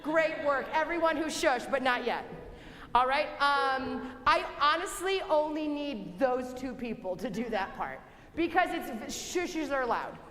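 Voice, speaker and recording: Young woman choir director, high voice, encouraging, reverberant rehearsal hall. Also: lively intonation, bright, forceful tone. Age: young adult. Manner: brisk and encouraging, sings example phrases. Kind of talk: rehearsal instruction. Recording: long hall reverb, faint music.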